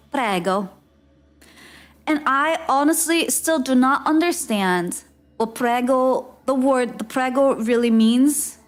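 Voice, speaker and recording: A woman streamer telling a travel story in casual live-stream chat, laughing often and filling her talk with "like". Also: sits high. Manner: chatty, laughs often, lots of "like" fillers.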